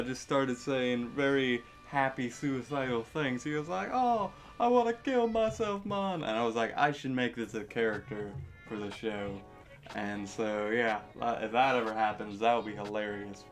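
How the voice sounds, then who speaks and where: A young man casually answering viewer questions in a vlog, rambling with lots of fillers and self-deprecating asides. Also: mid-range voice.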